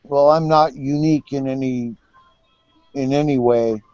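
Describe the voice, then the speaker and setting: A man's voice: mid-range voice, fairly even intonation, unhurried, a little mellow, dry recording, faint music behind. Bitter, profane man in his fifties. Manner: bitter, profane, stammering repeats. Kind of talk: casual chat. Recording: dull lo-fi recording.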